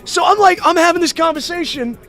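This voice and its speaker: A man livestreaming, telling a story in a casual, animated way with swearing and laughing asides. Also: extremely high pitch, fairly quick, soft background music.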